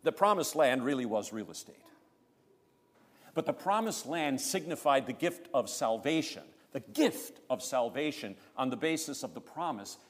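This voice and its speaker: A male pastor delivering a sermon in a measured, emphatic way, pressing hard on key words. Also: mid-range voice. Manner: emphatic, measured preaching with rising stresses. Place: church. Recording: long church reverb.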